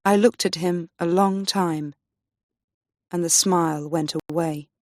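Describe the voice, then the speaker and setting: A woman teaching English, reading a graded story aloud slowly and clearly for learners. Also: lowish voice, fairly even intonation, dry recording, clean studio sound. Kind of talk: slow graded-reader story narration.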